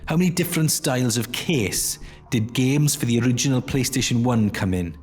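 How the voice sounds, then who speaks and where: A man with a slightly husky, breathy voice co-hosts a podcast. His delivery is loose and chatty, full of ums and small restarts as he thinks out loud. His pitch sits in an ordinary middle register. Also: normal speed, faint music behind. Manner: chatty, hesitant with fillers and restarts. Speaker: podcast co-host. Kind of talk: casual chat.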